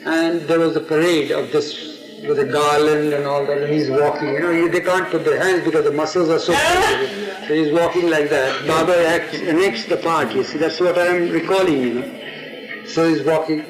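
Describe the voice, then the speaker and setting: A man's voice: fairly high pitch, normal speed. Man telling a story, echoey old tape. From India. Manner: animated, digressive, acts out the quotes. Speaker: storyteller, interviewee. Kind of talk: oral history storytelling. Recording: echoey archival tape with music.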